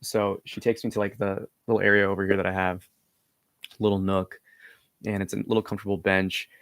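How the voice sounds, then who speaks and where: Young male storyteller, casual and meandering, husky fry, dry close sound. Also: on the low side, level tone, a little fast, a bit bright, no room sound. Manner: rambling, heavy filler words, hesitant restarts. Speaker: vlogger.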